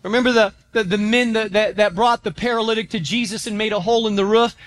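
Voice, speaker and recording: A pastor preaching a sermon in a church, telling stories with animation and acting out quotes. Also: male voice, high voice, quick pace. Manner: animated storytelling, acts out quotes.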